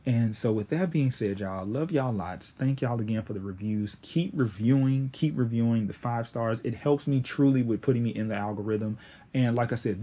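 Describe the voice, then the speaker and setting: A young man in his late twenties hosting a podcast, chatting casually in a slangy, animated way with sudden high exclamations. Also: husky. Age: 20s; young adult. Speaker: podcast host.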